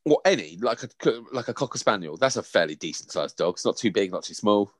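A man's voice: fairly low pitch, expressive, fast, no echo, clean studio sound. Playful, sweary English man. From England. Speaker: podcast co-host. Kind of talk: casual chat.

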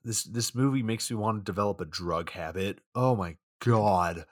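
A young man co-hosting a podcast, recapping a movie in a deadpan, sardonic way. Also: fairly low pitch, normal speed, dry recording, clean studio sound. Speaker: podcast co-host. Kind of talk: casual movie recap chat.

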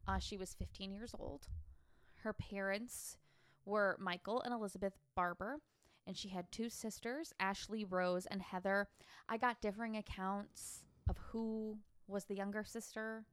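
A chatty woman co-hosting a podcast, giggling often and leaning on fillers as she talks. Her voice is smooth and clear, recorded close and dry with no room sound. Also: mid-range voice, fairly even intonation, a little slow, dry recording. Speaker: podcast co-host presenting the case. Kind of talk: casual chat.

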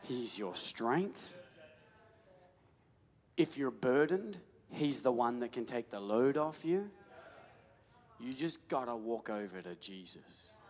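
A male pastor preaching a sermon, building to shouts and calling on the crowd to answer back. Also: medium pitch, expressive, slow, pauses often. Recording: long hall reverb.

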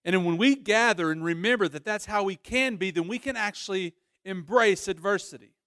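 Guy pastor preaching, telling a story, kinda high voice, dry sound. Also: brisk, dry recording. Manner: storytelling with animated character voices and frequent restarts. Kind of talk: sermon.

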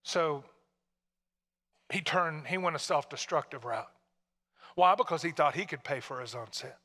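A pastor from Tennessee preaching a sermon in a conversational way, full of rhetorical questions to the congregation. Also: male voice, on the high side, moderate pace, pushed and bright, in a large hall.

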